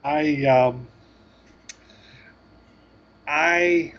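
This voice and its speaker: A man co-hosting a gaming podcast, talking in a rambling, halting way with self-deprecating asides. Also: on the high side, muffled recording. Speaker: podcast co-host. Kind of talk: casual chat.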